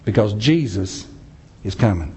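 A man's voice: on the low side, animated, unhurried, noisy background. A man preaching a sermon, telling a story with dramatic swings of pace and emphasis. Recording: dull lo-fi sound.

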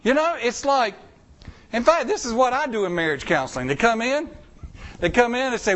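A man's voice: expressive, a little fast, a bit bright. A male pastor preaching a sermon in a folksy, conversational way. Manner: folksy, conversational preaching with wide pitch swings.

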